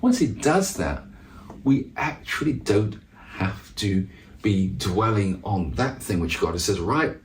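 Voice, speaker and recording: A man's voice: fairly low pitch, lively intonation, slow, darkish tone, a little hiss or hum. A man giving a reflective devotional talk on the Psalms, reading verses aloud and then musing on them with frequent restarts. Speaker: musician teaching on the Psalms.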